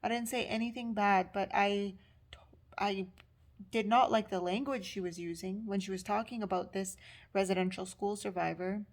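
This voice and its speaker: A woman's voice: medium pitch, fairly even intonation, moderate pace. Indigenous student woman recounting an upsetting meeting. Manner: candid, upset, quotes others. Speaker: social work student. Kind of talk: personal storytelling vlog.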